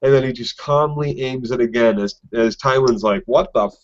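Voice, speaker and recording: A man in the middle of an animated podcast recap, who keeps slipping into quoted voices to act out scenes. His pitch sits right in the middle for a man, and the recording has a dull, slightly muffled lo-fi sound. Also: moderate pace. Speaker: podcast co-host. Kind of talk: casual recap discussion.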